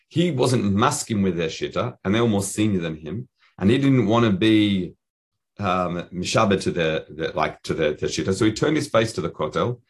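A man with a low, husky voice leads a relaxed study session. He reads short Hebrew and Aramaic phrases aloud and then explains each one in plain English. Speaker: Talmud teacher. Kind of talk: casual study lesson.

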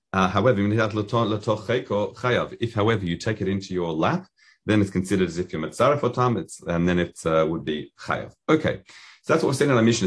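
Husky low-voiced man teaching a text. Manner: explains in English, reading Hebrew and Aramaic phrases aloud. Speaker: Talmud teacher. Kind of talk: casual study lesson.

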